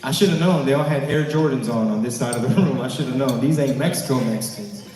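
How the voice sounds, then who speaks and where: A man doing a lively stand-up comedy set, acting out the people in his stories. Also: mid-range voice, fast talker. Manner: animated, acts out other people's voices. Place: large banquet hall with live audience. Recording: echoey hall, far from mic, crowd. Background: audience laughing.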